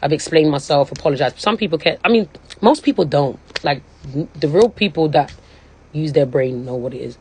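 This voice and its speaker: A woman's voice: deep voice, expressive, fairly quick, a little mellow, a little hiss or hum. A young woman, speaking casually and emphatically on a phone live stream, often checking in with her listeners. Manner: emphatic, keeps repeating "you know what I'm saying". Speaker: livestreamer.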